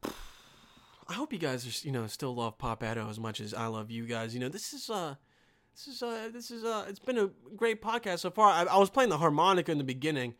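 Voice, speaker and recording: A man's voice: on the high side, brisk. A young man from Bosnia hosting a casual solo podcast, ranting with lots of swearing and calling listeners dude. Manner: profane, animated, calls listeners dude and man. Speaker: podcast host.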